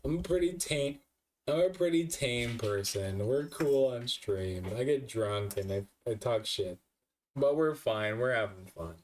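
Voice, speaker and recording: A man's voice: mid-range voice, lively intonation, unhurried, a little mellow, far from the mic, slight background noise. A drunk man who keeps hiccuping, chatting casually on a live stream, swearing a lot and laughing at himself.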